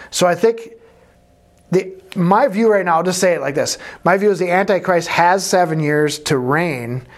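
A man teaching a conversational Bible study, thinking aloud and correcting himself as he explains. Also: a little high.

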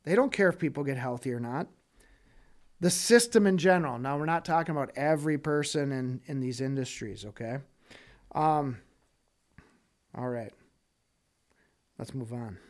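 A man's voice: medium pitch, normal speed, pauses often. A man giving a casual Bible teaching, reading scripture and acting out the people in it, often checking in with "okay?". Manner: animated, acts out quoted voices, frequent "okay?" check-ins. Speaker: preacher.

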